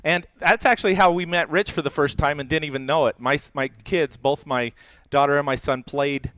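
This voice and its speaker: A man's voice: fairly high pitch, steady tone, a little fast, fairly bright tone. A middle-aged man hosting a casual podcast, chatty and rambling with frequent laughs. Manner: rambling, laughs often, many fillers. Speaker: podcast host.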